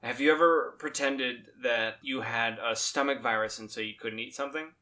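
A man's voice: mid-range voice, fairly even intonation, moderate pace, sharp tone. A man hosting a podcast, ranting in a sarcastic, mock-outraged comedic way, then chatting casually with his co-host. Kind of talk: comedic rant and casual chat.

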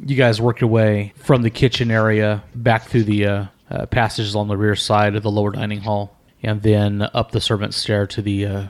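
Low-voiced male game master, relaxed, self-correcting narration.

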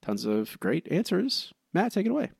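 Animated man co-hosting a podcast. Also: sits high, creaky, husky, no echo, studio quality. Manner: animated, self-deprecating, halting restarts. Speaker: podcast co-host. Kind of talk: casual podcast chat, reading listener reviews.

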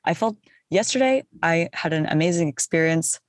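A young woman with a low voice chats loosely, piling up fillers as she thinks aloud. The sound is dry and close, recorded in a small closet. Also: animated, normal speed, no echo. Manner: rambling, says "like" often, laughs easily. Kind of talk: casual conversation.

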